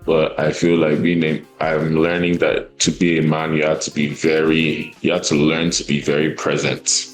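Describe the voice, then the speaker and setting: A man's voice: extremely low pitch, moderate pace, few pauses, roomy sound, faint music behind, rough recording. A man with a Nigerian accent, a podcast guest talking openly and with feeling in a candid conversation. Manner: open, animated, mimics others' voices.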